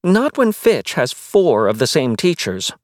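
A man voicing a busy, fussy mother who is anxious about appearances, raising his voice higher and speaking in a brisk, pointed way. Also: big pitch swings, no room sound, studio quality.

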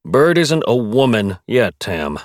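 A man's voice: medium pitch, very animated, takes it slowly, no echo, studio quality. A man voicing an old-fashioned father who teases his wife in a dismissive, joking way. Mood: teasing.

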